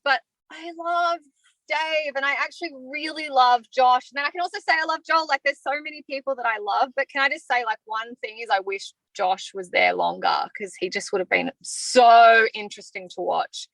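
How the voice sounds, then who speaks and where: Bright-voiced Australian woman, heartfelt. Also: on the high side, expressive, moderate pace, no echo, poor audio. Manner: open and heartfelt, talks freely about feelings. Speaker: evicted reality show contestant. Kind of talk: candid interview answers.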